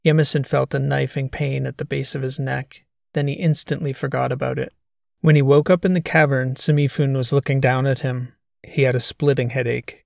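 A man narrating a science fiction audiobook in a measured, even way. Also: mid-range voice, gravelly, dry recording, clean studio sound. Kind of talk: scripted narration.

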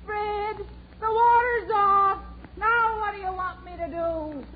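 A flustered housewife on old radio. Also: female voice, high-pitched, big pitch swings, normal speed. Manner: chatty and flustered. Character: fussy middle-aged housewife and mother. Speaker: mother. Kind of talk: 1940s radio acting. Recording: tinny old radio broadcast with hiss.

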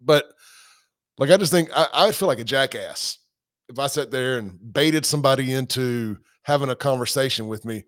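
A man's voice: medium pitch, normal speed, fairly bright tone, no echo, studio quality. A man hosting a livestream, talking casually, reading out comments and quotes. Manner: casual, conversational, reads comments and quotes aloud. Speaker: podcast host.

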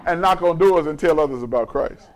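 Male pastor, high voice, folksy conversational sermon with humor and call-and-response. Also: fairly quick, faint music behind.

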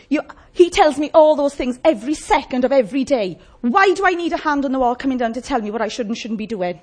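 A woman's voice: high voice, animated, a little fast. A woman preaching a sermon in a conversational way, often asking the congregation questions.

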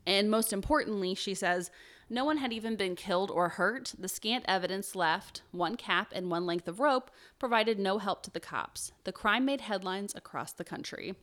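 A woman's voice: mid-range voice, normal speed, a bit bright. A young woman hosting a podcast, telling a true crime story in casual chat, with many fillers. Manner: chatty, lots of fillers and "like". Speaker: podcast host.

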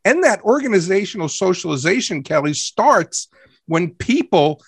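Brief: male podcast co-host, upbeat and emphatic, slightly high voice, dry close sound. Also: big pitch swings, normal speed, gravelly, husky, dry recording. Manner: upbeat, emphatic, repeats phrases. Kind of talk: casual podcast talk.

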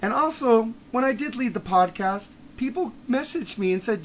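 A man with a high-pitched voice rants on his podcast, blunt and profane. He drops into low mutters, then builds to heated shouting, with faint ambient noise behind him. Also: lively intonation, normal speed. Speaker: podcast host. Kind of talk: ranting monologue.

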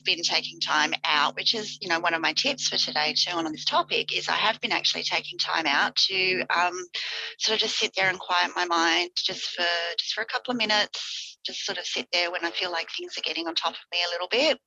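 A woman co-hosting a podcast, talking in a relaxed, rambling way and often repeating herself. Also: lowish voice, a little fast, vocal fry, poor audio. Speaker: podcast co-host. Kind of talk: casual chat.

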